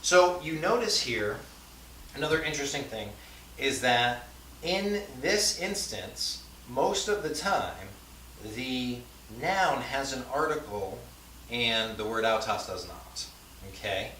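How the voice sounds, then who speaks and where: A man's voice: mid-range voice, lively intonation, slow, sharp tone. Man lecturing in an echoey classroom. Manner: conversational, with frequent fillers and rhetorical checks. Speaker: language teacher. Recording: echoey classroom from far off, faint hiss.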